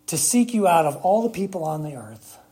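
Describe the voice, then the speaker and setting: A preacher giving a sermon, speaking emphatically with long dramatic pauses and rhetorical questions to the congregation. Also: medium pitch, sing-song, warm tone, breathy edge.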